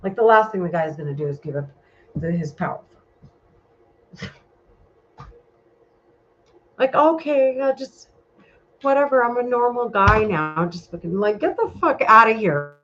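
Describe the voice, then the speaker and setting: A woman's voice: medium pitch, expressive, unhurried, long pauses. A woman talking in a casual vlog monologue, rambling and heated, with a lot of swearing. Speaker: vlogger. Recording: muffled lo-fi recording.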